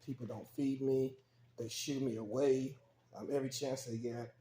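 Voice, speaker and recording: A man's voice: medium pitch, steady tone, normal speed, dark tone, reverberant, a little hiss or hum, close to an everyday voice. A man voicing an unhappy, self-pitying male raven in a spoken story, plaintive and searching.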